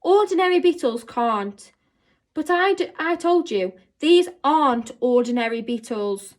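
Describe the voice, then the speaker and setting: A woman voicing an earnest, gentle young boy in a storybook reading, speaking in a patient, coaxing way. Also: high-pitched, animated, a little slow, pitched above the performer's own voice.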